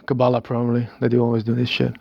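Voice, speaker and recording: A man's voice: medium pitch, completely flat delivery, rapid-fire, gravelly, no room sound, dull audio. A Dutch man in his thirties with a Dutch accent, talking in a hesitant, rambling monologue full of stammered restarts and small chuckles. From Netherlands. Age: 30s. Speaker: video maker. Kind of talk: rambling self-recorded monologue.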